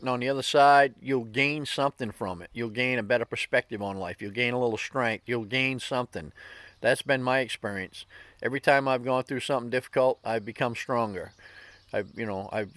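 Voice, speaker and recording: A man's voice: medium pitch, fairly bright tone, no room sound. A man hosting a daily inspirational talk, telling a story in a casual, folksy way with lots of fillers. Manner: folksy and informal, with many fillers.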